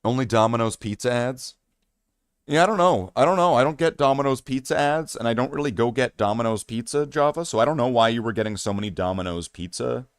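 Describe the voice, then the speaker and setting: A man's voice: medium pitch, brisk, no echo, studio quality. A man chatting casually on a hobby live stream, rambling and joking at himself with many fillers and restarts. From Canada.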